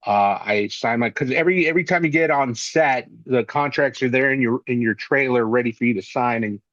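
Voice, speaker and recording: A man telling stories in an interview, lively and chatty, and he slips into other people's voices as he quotes them. His voice sits in a middling pitch. The audio is dull and dry, with no room sound. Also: a little fast, dry recording. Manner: animated anecdotes, acts out quoted voices. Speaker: actor and interview guest. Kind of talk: casual storytelling interview.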